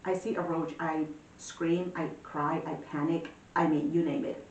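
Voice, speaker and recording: A woman's voice: measured pace, recorded from a distance, lo-fi sound. Chatty woman reading tarot, echoey room. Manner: chatty, animated storytelling with frequent fillers. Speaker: tarot reader. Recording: echoey room, voice a bit off-mic, faint rumble.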